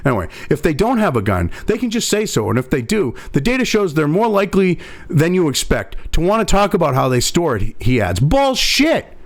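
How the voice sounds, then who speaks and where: A man's voice: fairly high pitch, big pitch swings, a little fast. A male host delivering a profane, angry political commentary rant full of sarcasm. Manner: angry, sarcastic, swears constantly.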